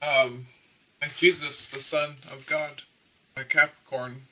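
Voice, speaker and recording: A man's voice: fairly high pitch, level tone, slow pace, far from the mic, noisy background. A man giving a casual, rambling tarot reading, often checking in with "okay?" and breaking into little laughs. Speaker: tarot reader.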